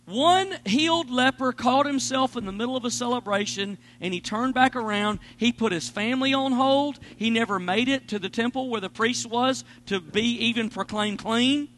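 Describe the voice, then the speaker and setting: Brief: high-pitched man preaching, lively, dynamic swings. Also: moderate pace, few pauses, slight background noise. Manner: animated preaching, swings between loud and hushed. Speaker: pastor. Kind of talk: sermon.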